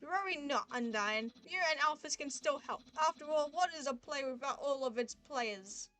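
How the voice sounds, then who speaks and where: A woman's voice: high voice, expressive, moderate pace, a bit bright, faint music behind. A woman voicing a boastful, cheerful male skeleton who speaks in grand, formal declarations while reading a visual novel aloud. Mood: earnest. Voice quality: formal, theatrical phrasing. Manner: proud, eager declarations.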